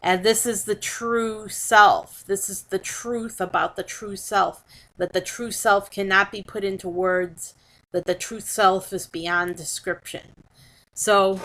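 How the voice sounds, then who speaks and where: Slow, bright-voiced woman giving a spiritual talk. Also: medium pitch, low-quality recording. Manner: slow and measured, repeating and restarting phrases. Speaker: spiritual teacher.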